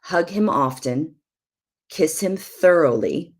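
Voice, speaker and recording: Woman, low voice, middle-aged, emphatic and preachy, marriage teaching. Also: expressive, takes it slowly. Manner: emphatic and preachy, with soft asides. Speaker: prophetess and show guest. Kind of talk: live-streamed marriage teaching.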